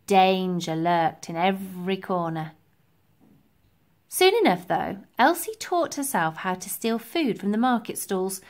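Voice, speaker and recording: A woman reading a children's storybook aloud, telling it in an expressive, lively way. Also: mid-range voice. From England. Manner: lively, expressive storytelling with slow deliberate pacing. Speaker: reader.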